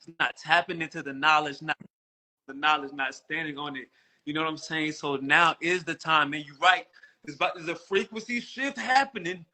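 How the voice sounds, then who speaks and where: Bright-voiced man rambling earnestly. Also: on the high side, normal speed. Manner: rambling and earnest, with many "you know" fillers. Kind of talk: casual spiritual rambling.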